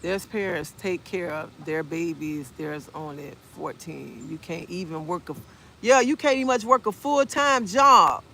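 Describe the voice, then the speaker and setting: A woman, chatting on a phone live stream outdoors in a park. She talks in an outspoken, animated way and answers viewer comments as she goes. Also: fairly low pitch, measured pace, gravelly, a little hiss or hum. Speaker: livestreamer. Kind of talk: casual live-stream chat.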